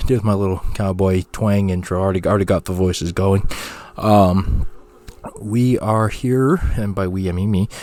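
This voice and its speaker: A man hosts a solo podcast in a loose, joking ramble, full of ums and restarts. His voice sits on the lower side. It is recorded close and dry, with no room echo. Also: a little mellow. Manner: rambling and jokey, with many fillers and restarts. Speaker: podcast host.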